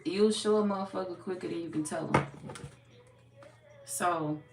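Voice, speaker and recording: A woman giving a casual live tarot reading. She talks bluntly and profanely, chats with her viewers, and is slightly hoarse from losing her voice. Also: fairly low pitch, moderate pace, over music. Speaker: tarot reader. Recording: echoey room, distant mic, background noise.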